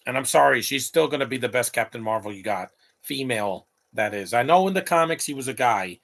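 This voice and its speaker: A man's voice: medium pitch, lively intonation, a little fast, creaky, fairly bright tone. A man in his late thirties giving opinionated, rambling live commentary over a movie, talking back at the screen. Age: late 30s.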